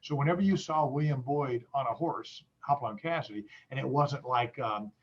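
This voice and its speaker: Halting man on a dull video call. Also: medium pitch, slight background noise. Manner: halting, many restarts and fillers, friendly. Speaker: guest. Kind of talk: casual video-call interview.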